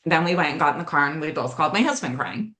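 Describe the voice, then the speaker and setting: A woman's voice: low-pitched, lively intonation, fast, a bit bright. A middle-aged woman being interviewed, talking earnestly as a mental health educator and telling personal stories, speeding up on key points. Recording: roomy echo.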